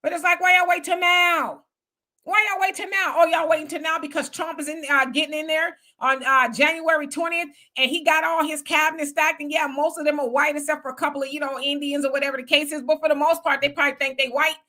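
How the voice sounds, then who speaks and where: A woman's voice: high voice, fairly even intonation, fast talker, hardly any pauses, sharp tone. A woman hosting a livestream commentary, talking in a loose conversational way and firing off emphatic rhetorical questions. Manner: loose conversational street talk. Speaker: commentary host.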